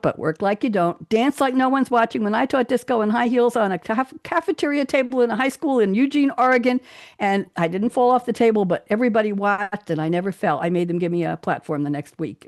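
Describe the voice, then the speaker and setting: A woman's voice: on the low side, a little mellow, no echo, studio quality. A woman radio host from Queens with a New York accent, telling jokey stories on a live talk show. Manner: chatty, jokey storyteller.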